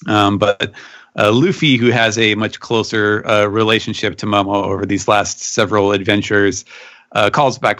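A man on a podcast panel, recapping a comic chapter in casual chat and jumping up in pitch to act out quoted lines. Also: flat delivery, moderate pace, a bit bright, dry recording.

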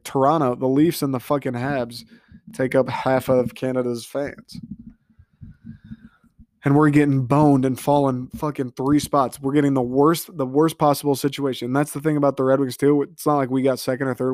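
Young male sports host, solo rant, fed-up and cursing, mid-pitched voice, dry close mic. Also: level tone, fairly quick, darkish tone, no room sound. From Detroit area, Michigan. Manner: frustrated, profane, rambling.

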